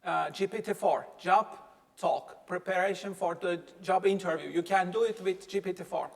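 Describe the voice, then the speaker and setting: Man lecturer, high pitched, emphatic, quizzes the class, long hall reverb. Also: steady tone, moderate pace, creaky. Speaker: workshop lecturer.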